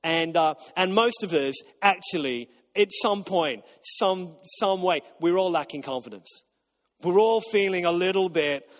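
A man's voice: fairly high pitch, animated, normal speed. A man preaching a sermon as pastor, emphatic and repetitive, getting the congregation to repeat lines back. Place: church auditorium. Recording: long reverb of a large hall.

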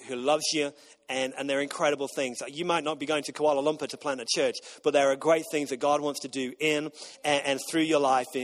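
A man preaching a sermon as pastor, emphatic and repetitive, getting the congregation to repeat lines back. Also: on the high side. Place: church auditorium. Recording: long reverb of a large hall.

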